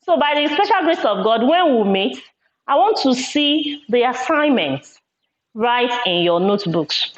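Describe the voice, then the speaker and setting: A woman teacher giving a classroom lesson, speaking slowly and deliberately and repeating words syllable by syllable. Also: sits high, very animated. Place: classroom with a board. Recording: echoey room, dull lo-fi sound.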